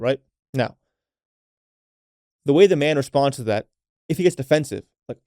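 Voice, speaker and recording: A man's voice: medium pitch, normal speed, pauses often, dark tone, no room sound, studio quality. A man hosting a casual solo podcast, speaking unfiltered and swearing freely, coaching women listeners and often tagging his points with "right?". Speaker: podcast host.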